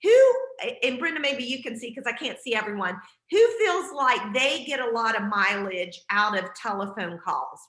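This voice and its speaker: Bright-voiced woman leading a team call. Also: a little high, animated, moderate pace, few pauses, reverberant, poor audio. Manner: encouraging, with frequent fillers. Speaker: team leader hosting a group call. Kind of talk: casual group call talk. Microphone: video call.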